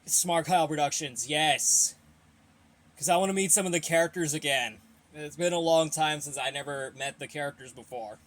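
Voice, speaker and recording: A man's voice: on the high side, a little fast. A young man hosting a casual Q&A, reading viewer questions and giving blunt, rambling opinions while a little out of breath. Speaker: host of a fan Q&A channel.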